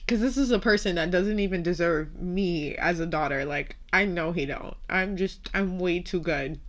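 Tearful young woman, candid and low. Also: normal speed. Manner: candid and emotional, swearing, fighting back tears. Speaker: podcast host. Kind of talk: emotional personal storytelling.

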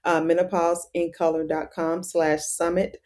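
A woman's voice: fairly low pitch, little pitch movement, a little slow, a little mellow. A middle-aged woman, a pharmacist and educator, explaining things earnestly in a casual interview with many fillers. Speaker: pharmacist and menopause educator, guest.

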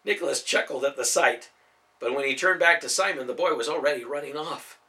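A man narrating a storybook audiobook in an expressive, animated reading. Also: fairly high pitch, fairly quick.

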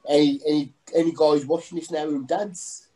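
A middle-aged man giving a personal testimony in a halting, earnest way, full of restarts. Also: fairly high pitch, steady tone, dark tone, poor audio. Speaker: guest sharing testimony.

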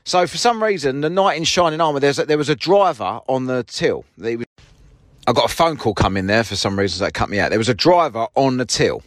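A man tells a story in a lively, swooping voice, mocking and full of swearing as he acts out both sides of a quarrel. He sits in his parked car, and the sound is close and dry. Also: medium pitch, fast, no room sound. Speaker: podcast host. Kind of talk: casual storytelling monologue.

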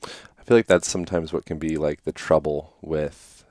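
A man's voice: extremely low pitch, steady tone, normal speed, darkish tone, no echo, studio quality. A man from Pennsylvania hosting a casual podcast conversation, laid-back and joking, often answering with short hums. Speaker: podcast host.

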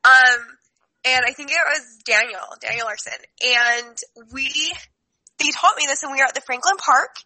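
A woman telling a story in casual chat, giggling and acting out what people said with loud outbursts. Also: sits high, normal speed, no echo, poor audio. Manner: giggly, acts out quotes loudly. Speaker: guest storyteller.

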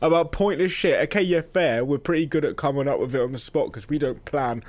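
A man's voice: on the high side, brisk. A young man co-hosting a podcast in casual chat, brash, sweary and teasing. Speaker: podcast co-host.

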